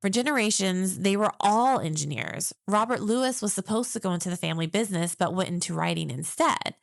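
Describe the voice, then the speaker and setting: A woman's voice: mid-range voice, lively intonation, fairly quick, creaky, no echo, studio quality. A woman co-hosting a podcast in a casual chat, telling facts and laughing often. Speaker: podcast co-host.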